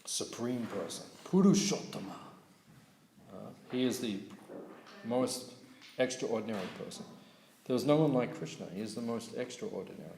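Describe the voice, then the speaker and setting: A man giving a morning scripture class at a temple, telling stories lively and checking in with his listeners. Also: mid-range voice, normal speed, creaky, long pauses, slight background noise. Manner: lively storyteller, asks audience questions, laughs. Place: temple hall. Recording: echoey hall recording.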